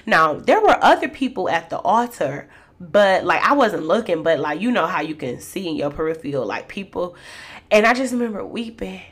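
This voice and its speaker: A woman's voice: lowish voice, very animated, moderate pace, fairly bright tone, breathy edge. A woman telling a personal faith testimony to her listeners in an emotional, preacherly way. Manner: emotional, preacherly storytelling addressing listeners as y'all. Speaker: podcast host.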